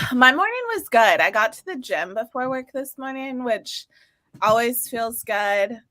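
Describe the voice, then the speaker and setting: A woman with a fairly high, bright voice co-hosts a live stream in easy, chatty talk full of fillers. The sound is dry and close, as on a video call. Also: animated, unhurried, dry recording. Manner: chatty, upbeat, frequent fillers. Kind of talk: casual chat. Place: home or office, working from New York.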